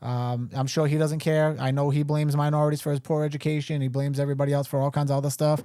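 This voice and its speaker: A man's voice: a little high, flat delivery, fast, dark tone, clean tone, no room sound, studio quality. A middle-aged man running for mayor, answering a caller bluntly and firmly on a live show. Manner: blunt, firm, indignant. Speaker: mayoral candidate, guest.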